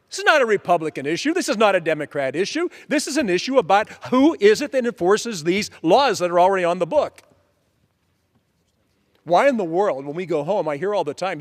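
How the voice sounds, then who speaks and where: Emphatic high-voiced congressman in a big chamber. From Pennsylvania. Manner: emphatic, repetitive lists. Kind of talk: floor speech. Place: legislative chamber. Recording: long reverb of a large chamber.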